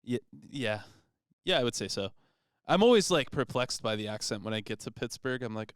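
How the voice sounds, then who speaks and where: Man, history podcast host, laid-back storyteller, clear voice, dry close mic. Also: medium pitch, expressive, normal speed, dry recording. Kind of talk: casual podcast banter.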